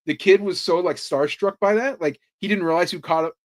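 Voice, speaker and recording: A man on a podcast telling sports stories in a casual, animated way, swearing freely and saying "like" a lot. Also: sits high, brisk. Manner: animated storytelling, swears freely, lots of "like" fillers. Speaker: podcast host. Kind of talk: casual chat.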